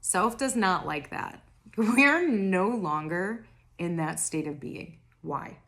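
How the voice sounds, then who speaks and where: A young woman doing a casual spiritual reading to camera, rambling and self-interrupting, her throat raspy and tired. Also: on the low side, lively intonation, slow pace, fairly bright tone. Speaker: tarot reader.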